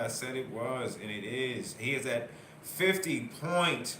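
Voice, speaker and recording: A male host giving excited live election-night commentary, repeatedly reading out vote counts. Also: medium pitch, measured pace, echoey room, slight background noise.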